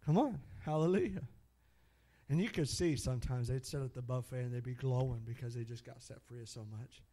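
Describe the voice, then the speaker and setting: Speaking briskly in a medium pitch, this middle-aged preacher tells sermon stories full of energy. Hallelujahs come often, and he keeps chuckling at his own anecdotes.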